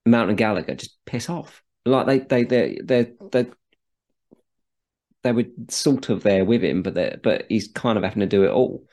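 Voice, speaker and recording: Deep gravelly man chatting football. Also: expressive, normal speed, darkish tone. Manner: chatty, restarts and repeats words. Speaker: podcast co-host. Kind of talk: casual football chat.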